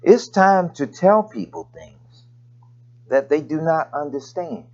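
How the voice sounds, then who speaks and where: A man's voice: on the high side, very animated, takes it slowly, muffled recording. A man preaching a sermon in a conversational way, with folksy asides and scripture readings.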